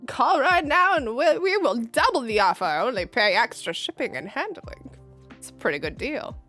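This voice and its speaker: A woman putting on the voice of a loud male TV pitchman, hawking deals in booming salesman patter. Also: big pitch swings, normal speed, soft background music, full character voice. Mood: hard-selling.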